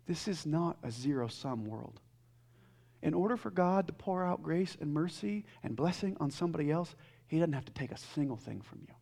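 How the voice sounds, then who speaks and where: A young adult man preaching a sermon, earnest and emphatic, swinging between loud peaks and soft quiet stretches, with frequent restarts. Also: fairly high pitch, animated, normal speed, vocal fry. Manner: repeats and restarts words. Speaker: pastor.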